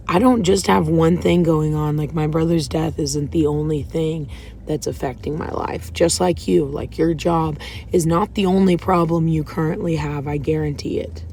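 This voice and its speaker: A faith vlogger sits in a parked car in a parking lot, talking candidly and emotionally about her faith and rambling a little. Her voice is low and darkish, with slight background noise. It's a casual confessional vlog.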